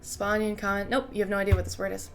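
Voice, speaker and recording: Woman GM, casual, mid-pitched, light background noise. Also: flat delivery, racing. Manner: casual, laughs often, explains patiently. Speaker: game master. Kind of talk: running a tabletop game.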